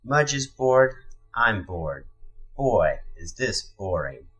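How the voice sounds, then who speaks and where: A man's voice: fairly low pitch, very animated, takes it slowly, a bit bright, slightly rough, distant mic, highs cut off, soft background music, voice pushed up, heavily acted. A man voicing a bored, grumpy young boy in a storybook reading, with a whiny, grumbling manner.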